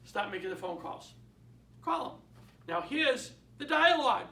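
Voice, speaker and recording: An older man giving a real estate training talk, animated and acting out phone dialogues. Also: extremely high pitch, unhurried. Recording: echoey room, mic at a distance.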